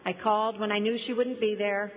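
Woman, mid-pitched, personal testimony at a meeting, deliberate storyteller, roomy muffled sound. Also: flat delivery. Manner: storytelling, slow deliberate emphasis on key words. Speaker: speaker sharing her story at a recovery meeting. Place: meeting room before a group. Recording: dull recording with long hall reverb.

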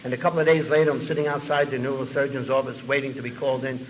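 A quick, animated older man shares his recovery story with an audience, acting out the dialogue and rambling through repeated words and fillers. He speaks at a medium pitch. The recording is from an echoey hall with faint room noise.

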